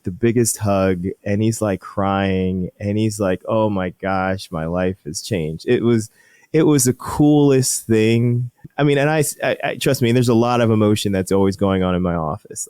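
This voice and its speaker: A middle-aged man speaks with a fairly low voice in a relaxed interview, eager and chatty as he tells stories from his work. He keeps restarting his sentences as he goes. The sound is dry and close, with almost no room around him. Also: smooth, dry recording. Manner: enthusiastic storyteller, laughs often, halting restarts. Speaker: urologist guest. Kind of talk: casual interview chat.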